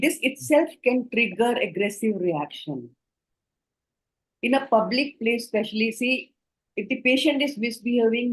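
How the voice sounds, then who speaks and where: Over a video call, a woman with an Indian English accent and a medium-pitched voice gives an online training lecture to doctors, earnestly explaining points and addressing her trainees directly. The recording quality is low.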